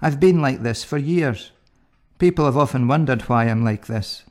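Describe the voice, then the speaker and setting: A man putting on a fussy, nervous paralyzed man who grumbles at his carriers. He speaks a bit higher and louder than his own voice, jokey and put-upon. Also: normal speed, natural voice. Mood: grumbling. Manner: complaining, jokey.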